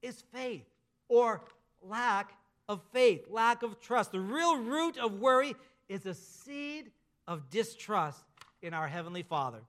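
A man preaching a sermon, emphatic, slowing down and dropping softer at the ends of key phrases. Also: high voice, expressive. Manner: emphatic preaching with slow drawn-out endings. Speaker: pastor.

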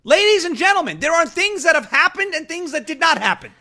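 Brash male commentary host, bright forceful voice, sarcastic, mocking. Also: very high-pitched, very animated, brisk. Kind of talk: political commentary show.

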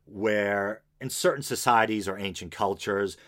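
A man's voice: on the low side, measured pace, a bit bright. A man hosting an unscripted podcast, reading news aloud with casual, wry asides. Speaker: podcast host.

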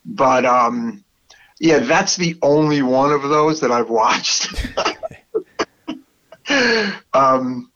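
A man's voice: mid-range voice, very slow, pauses often, a bit bright, highs cut off. A man with a Brooklyn accent chatting enthusiastically about movies, swearing freely and rambling with restarts. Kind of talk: casual chat.

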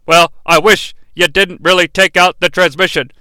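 A man's voice: high voice, steady tone, normal speed, sharp tone, no echo. A man doing a whiny, smug young heir. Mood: defensive.

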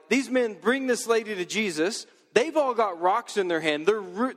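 A male pastor preaching a sermon in a casual, joking, lively way. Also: high voice, big-room sound.

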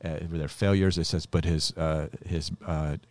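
A man co-hosting a casual Bible chat, chiming in calmly with short remarks. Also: rumbling low, unhurried, dry recording. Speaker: Bible teacher co-host.

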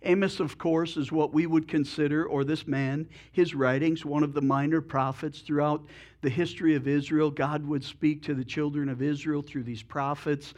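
A male preacher delivering a sermon with folksy humor and relaxed storytelling. His voice sits fairly high for a man, and he often corrects himself mid-sentence. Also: normal speed. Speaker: pastor.

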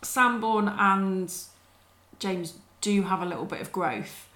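A woman chatting casually about a film, playful and quick to act out quotes. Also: medium pitch, sharp tone. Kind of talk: casual film discussion chat. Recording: echoey room.

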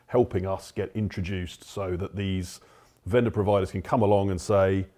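A man's voice: low-pitched, steady tone, normal speed, warm tone. A man with a South African accent, explaining things steadily as an expert guest on a panel. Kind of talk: panel discussion.

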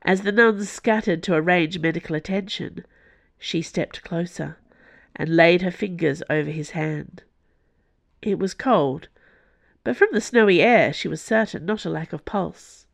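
A woman narrating an audiobook in a slow, measured reading. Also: sits low, fairly even intonation, creaky, dry recording.

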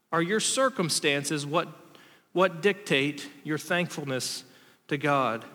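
High-voiced man preaching in a reverberant hall. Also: pushed and bright. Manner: storytelling, self-deprecating, acts out quotes. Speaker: pastor. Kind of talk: sermon.

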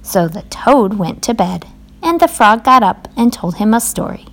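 A woman reading a children's storybook aloud in a slow, even manner. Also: mid-range voice.

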